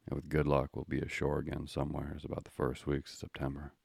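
A man voicing a dry, plainspoken old fishing-schooner captain with an unhurried, folksy way of talking. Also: rumbling low, completely flat delivery, gravelly, darkish tone, husky, no room sound, full character voice. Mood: consoling.

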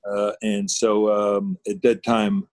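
A man's voice: on the low side, flat delivery, slow pace, darkish tone, no echo. Older man, rambling chat. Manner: rambling, many fillers and restarts. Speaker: guest, former governor. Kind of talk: casual interview on a video call. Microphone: video call.

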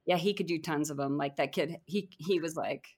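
A woman's voice: low voice, a little fast, a little mellow. A woman who performs in musicals, chatting and gushing as a podcast guest, with lots of fillers. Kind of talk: casual chat.

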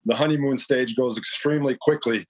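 A man's voice: medium pitch, brisk, a crowd in the background, rough recording. A man with a mid-range voice, a guest on a chat show. He talks in an easygoing way and pokes fun at himself. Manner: easygoing, self-deprecating. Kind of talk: casual chat.

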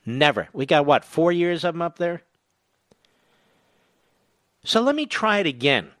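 A man's voice: on the high side, big pitch swings, measured pace, a bit bright, no echo. Combative man hosting talk radio. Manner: combative, sarcastic, asides to his producer.

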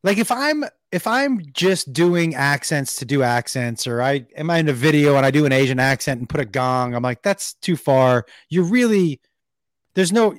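A man hosting a casual conversation, earnestly working through his questions out loud. His voice is a little higher than most men's. The sound is dry and close to the mic. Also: lively intonation, normal speed, dry recording. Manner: earnest, thinks aloud. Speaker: podcast host. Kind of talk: casual chat.

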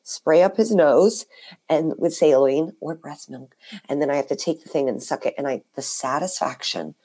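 A woman in her thirties, hoarse and raspy from being sick, co-hosting a casual chat podcast with animated swings in her voice. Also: moderate pace. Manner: animated, swings up high when fired up. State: hoarse from a cold. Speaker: podcast co-host.

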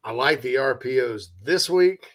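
A man's voice: medium pitch, lively intonation, a little slow, a bit bright. A man from South Carolina with an Upstate accent, hosting a casual sports talk show and reading listener comments in a chatty, self-mocking way.

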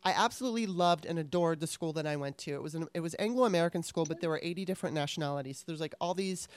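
Animated woman telling a story. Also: deep voice, racing, clean tone, dry recording. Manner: animated storyteller, laughs often. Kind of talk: casual chat.

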